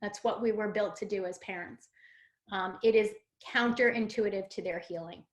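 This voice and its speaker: A woman's voice: mid-range voice, fairly even intonation, moderate pace. Woman presenting a parenting webinar. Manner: explanatory, with fillers and acted-out example phrases. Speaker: parent coach.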